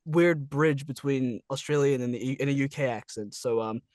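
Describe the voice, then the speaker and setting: A man hosting a casual interview over a video call, relaxed, laughing often and using many fillers. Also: mid-range voice, normal speed, dry recording, studio quality. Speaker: interview host.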